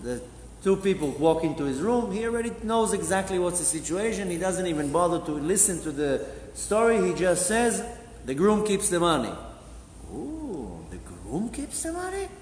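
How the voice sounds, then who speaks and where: A man's voice: sits high, lively intonation, fairly quick, darkish tone, slight background noise. A man, a rabbi, teaching a Torah class and telling a story, acting out the dialogue of its characters. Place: synagogue hall. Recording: echoey hall with faint ambience.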